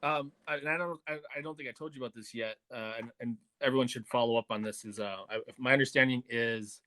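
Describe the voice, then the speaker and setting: A man's voice: medium pitch, fairly even intonation, quick pace, fairly bright tone, no room sound. A man joining a casual livestream as a guest, speaking hesitantly with many fillers and restarts.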